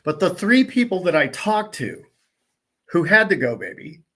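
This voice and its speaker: A man's voice: high voice, big pitch swings, normal speed, bright, forceful tone. A man hosting a casual livestream, talking emphatically in a ranting way and firing off rhetorical questions. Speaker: livestream host.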